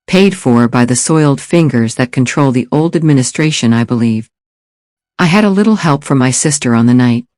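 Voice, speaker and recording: A man's voice: mid-range voice, animated, normal speed, darkish tone, no echo, clean studio sound, lightly acted. A man voicing a cold, polite male assassin with an English accent, slightly nasal, formal and fearless. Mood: cool. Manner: formal, fearless, says "sir".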